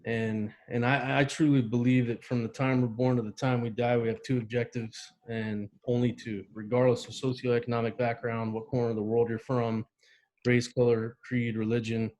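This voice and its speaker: A mid-pitched man, a veteran guest, recounts a personal memory in an interview. He tells it vividly and acts out the voices and sounds in it. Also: flat delivery, moderate pace, a little mellow. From United States. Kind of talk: emotional personal storytelling.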